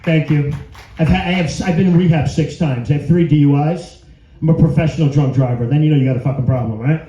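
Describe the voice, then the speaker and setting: Brash stand-up comic, high voice. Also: male voice, quick pace, mellow. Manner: crude, brash crowd-work delivery. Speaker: stand-up comedian. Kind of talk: stand-up set. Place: comedy venue before a live audience. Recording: roomy, dull live club recording.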